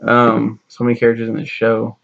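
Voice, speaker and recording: A man's voice: mid-range voice, completely flat delivery, a little fast, creaky, a bit bright, muffled recording. A young man rambling through a sarcastic, profane recap of a TV show, acting out the characters' lines as he goes. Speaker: show reviewer.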